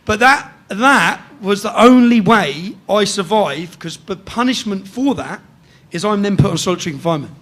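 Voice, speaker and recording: An English man telling a rough story in casual chat, swearing freely and tagging sentences with "yeah?". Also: sits high, lively intonation, normal speed, a bit bright. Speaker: guest storyteller.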